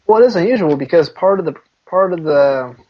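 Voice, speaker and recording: A man's voice: on the high side, expressive, fairly quick. A young man co-hosting a casual podcast chat, laughing often and breaking into mocking voices. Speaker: podcast co-host. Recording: dull lo-fi sound.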